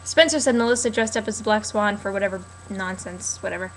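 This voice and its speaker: A woman's voice: medium pitch, fast talker, a little hiss or hum, low-quality recording. A young woman rambling casually and sarcastically about a TV episode, with lots of fillers. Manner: chatty, sarcastic, many fillers. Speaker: TV recap vlogger.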